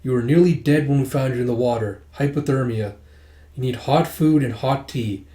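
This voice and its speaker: A man's voice: mid-range voice, normal speed, dark tone, natural voice. A man reading aloud and voicing a determined young woman who talks in an earnest, reassuring way. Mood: firm. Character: determined young woman, kind but firm. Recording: roomy echo.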